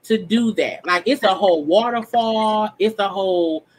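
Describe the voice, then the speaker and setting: A woman's voice: mid-range voice, normal speed, slight background noise, poor audio. A woman on a chat panel talking bluntly and swearing freely. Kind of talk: casual group chat.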